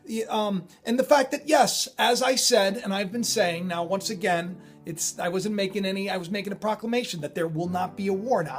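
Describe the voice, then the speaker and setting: A man hosting his own channel, talking in a rambling, excitable way full of digressions and self-interruptions. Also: high voice. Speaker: channel host. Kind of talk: rambling spiritual commentary.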